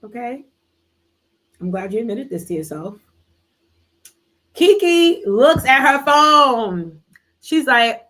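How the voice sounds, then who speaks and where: A woman's voice: on the high side, very animated, takes it slowly, pauses often, fairly bright tone. A woman hosting a live book club, retelling a story in a casual, slangy way with playful asides. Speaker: book club livestream host. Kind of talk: casual book recap chat.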